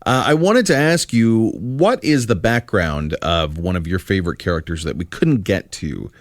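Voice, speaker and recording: A man hosting a radio show in the studio, joking and animated as he interviews a guest. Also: sits low, moderate pace, dry recording. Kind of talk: casual radio chat.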